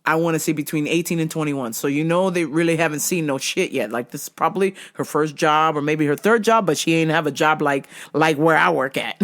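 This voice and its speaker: A woman's voice: deep voice, brisk, few pauses. A woman hosting a podcast, telling a comedic story with lots of swearing and laughter. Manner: animated, swears freely, laughs often. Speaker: podcast host.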